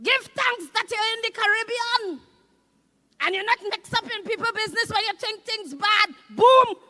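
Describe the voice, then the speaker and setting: A woman in her fifties with a Trinidadian accent, doing loud, animated stand-up comedy on a live stage. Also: very high voice, moderate pace. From Trinidad and Tobago. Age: 50s. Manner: loud, animated, shouting punchlines.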